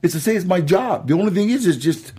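A middle-aged man, an actor being interviewed, telling stories in a gravelly, husky voice, acting out quotes and laughing as he goes. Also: high-pitched, fast talker. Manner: animated storyteller, acts out quotes and laughs. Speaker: actor guest. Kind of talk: storytelling interview.

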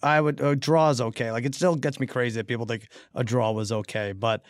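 A man's voice: medium pitch, fairly even intonation, brisk, no echo, clean studio sound. A man hosting a casual sports betting podcast, teasing his co-hosts and laughing often. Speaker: podcast host.

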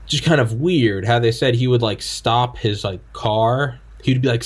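A man hosting a podcast interview, telling stories in a rambling, animated way with lots of filler words. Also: medium pitch, measured pace, few pauses, slightly rough. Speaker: podcast host. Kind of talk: casual interview chat.

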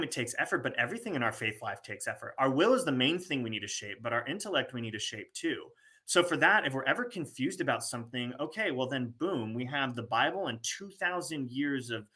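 Man, bright forceful tone, earnest conversational co-host, restarts his thoughts often. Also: mid-range voice. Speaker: podcast co-host. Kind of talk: casual conversation.

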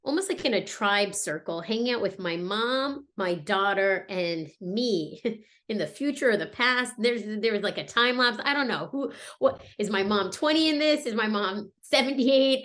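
A woman in her thirties talking casually and reflectively about her family, pausing often with fillers and restarts. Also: fairly high pitch, expressive, fairly bright tone. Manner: halting, many fillers and restarts. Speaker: guest sharing a personal story.

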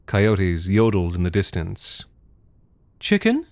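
A man's voice: on the low side, animated, moderate pace, dry recording. A man narrating a darkly comic story in a wry, theatrical manner. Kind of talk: scripted narration.

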